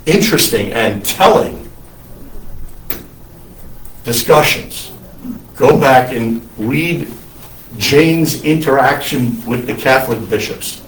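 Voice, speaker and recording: A male priest giving an unscripted lecture, halting often to restart his sentences. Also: medium pitch, a little hiss or hum. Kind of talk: recorded lecture. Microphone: single mic, speaker sometimes covers it. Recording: roomy echo, mic at a distance.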